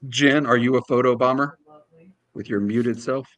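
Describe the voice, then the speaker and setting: With a mid-range voice at a moderate speed, a male podcast co-host spins a story during a laid-back chat, enthusiastically performing the voices of everyone he quotes. Crowd noise can be heard in the background.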